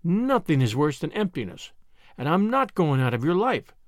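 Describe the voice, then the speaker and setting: A man reading aloud as a kind, solemn young woman schoolteacher who talks gently and reassuringly in an audiobook. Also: on the high side, sing-song, moderate pace, dry recording, clean studio sound. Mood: gentle.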